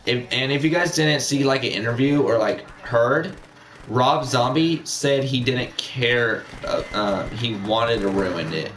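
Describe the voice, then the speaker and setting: A man's voice: medium pitch, unhurried, fairly bright tone, slight background noise. A young man chatting casually on a live stream, rambling with many fillers and repeating himself.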